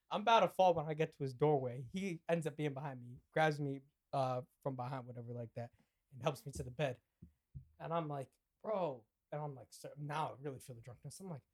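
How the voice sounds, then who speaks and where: Slightly high but with a darkish tone, the young man's voice carries a relaxed story on the podcast he co-hosts. He performs the quoted lines himself, laughing and cursing as he goes.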